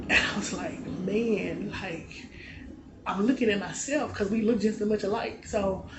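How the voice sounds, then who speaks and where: Man in his late twenties, casual storytelling. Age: late 20s. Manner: relaxed, conversational, often drops to a soft, low-key delivery. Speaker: vlogger. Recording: echoey room with loud background noise.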